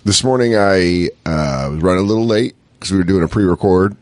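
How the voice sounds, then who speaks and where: A man's voice: deep voice, a little fast, dry recording. A podcast co-host telling a story in a casual chat, acting out his own angry outbursts and swearing a lot.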